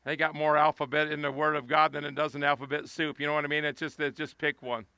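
A man preaching a sermon outdoors, impassioned and rising to pleading shouts. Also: a little high, flat delivery, fast talker, vocal fry, clear, resonant tone, no room sound.

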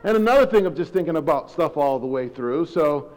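A man's voice: fairly high pitch, lively intonation, a little fast, a little mellow. Rambling man preaching in a reverberant church. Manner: rambling, conversational, self-deprecating. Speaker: lay preacher and high school principal. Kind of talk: informal sermon. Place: church sanctuary. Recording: long hall reverb.

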